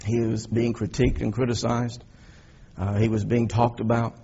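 A man preaching a sermon as a pastor, telling the story in an animated way and swinging between loud emphasis and quiet reflection. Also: mid-range voice, moderate pace, creaky, slightly rough, lo-fi sound.

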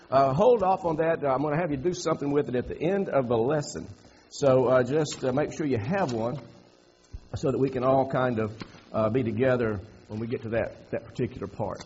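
A man's voice: mid-range voice, darkish tone, lo-fi sound, slight background noise. A man pastor giving a sermon in a church, folksy, repeating phrases and building to emphatic preaching. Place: church sanctuary.

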